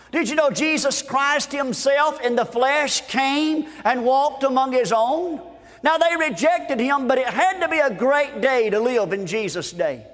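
A man preaching a fervent revival sermon, shouting and repeating his refrains, recorded at a conference. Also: extremely high pitch, in a large hall. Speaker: guest preacher.

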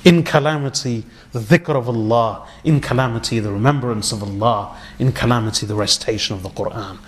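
An earnest man preaching, his voice sitting at an ordinary pitch. He tells the story slowly and with feeling, slipping Arabic phrases in among his words and falling to a hush when the story turns moving. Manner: earnest storytelling, dropping to a hushed tone for moving moments; uses Arabic religious phrases. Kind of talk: sermon.

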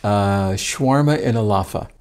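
An American man with a voice on the lower side talks as a guest in a relaxed interview. He is a rabbi who tells anecdotes with dry, self-deprecating humor and lively emphasis. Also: normal speed, gravelly. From United States. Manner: wry, self-deprecating humor, animated storytelling. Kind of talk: casual conversational interview.

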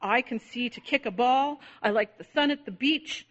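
A frightened little boy lost in the woods , played by a woman, speaks in an anxious voice. The voice is high. It comes through a dull, lo-fi recording. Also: moderate pace, fairly bright tone, lightly acted.

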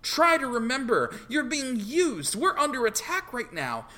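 A player voicing a young woman who is panicked and accusing, with a lively, bright voice. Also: medium pitch, a little slow. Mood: urgent. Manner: urgent, accusing. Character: young woman, frantic and suspicious.

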